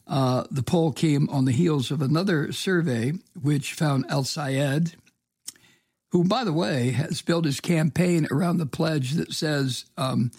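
A man's voice: fairly high pitch, a little slow, a little mellow, breathy edge, dry recording, clean studio sound. A man giving solo political commentary, reading news aloud and breaking off into profane, sarcastic rants with many fillers and restarts. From from the US state of Georgia.

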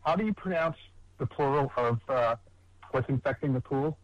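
A man's voice: mid-range voice, normal speed, dull audio. A man calling in to a talk radio show, chatting playfully and setting up a joke with hesitations. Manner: playful, building up to a pun. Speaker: caller. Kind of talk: phone-in caller chat.

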